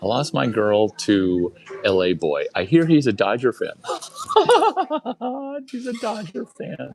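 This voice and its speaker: A man's voice: medium pitch, wildly swooping pitch, takes it slowly, gravelly, a little mellow, low-quality recording. A man doing crude, boastful stand-up on a club stage, rambling through a story and talking straight to the crowd. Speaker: open-mic performer.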